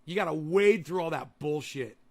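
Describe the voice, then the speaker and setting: This young male livestream host has a slightly high, animated voice at a normal speed. He reads out comments and answers them with sarcastic, combative swearing.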